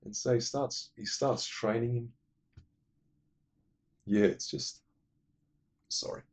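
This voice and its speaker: A man's voice: mid-range voice, fairly even intonation, takes it slowly. A man casually retelling a movie plot for his film-ranking vlog, digressive, blunt and profane. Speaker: movie list vlogger.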